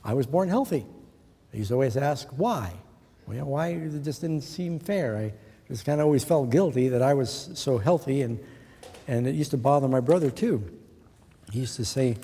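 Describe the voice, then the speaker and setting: A man's voice: medium pitch, animated, moderate pace, mellow, breathy edge. A middle-aged man preaching a sermon in an earnest way, putting questions to his listeners. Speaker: pastor. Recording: long hall reverb.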